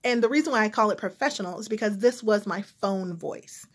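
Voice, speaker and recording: A woman with a General American accent talks to her viewers in a casual, reflective vlog. She pauses often with ums as she gathers her thoughts, her voice sitting at an everyday middle pitch. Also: husky. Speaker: vlogger. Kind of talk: casual talk to camera.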